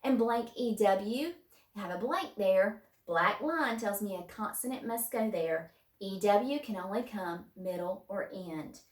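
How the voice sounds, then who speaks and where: A woman teaches young children phonics at a slow, patient pace, sounding out words piece by piece. Her voice is heard from a distance in a roomy space. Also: mid-range voice, animated. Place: home room, distance learning.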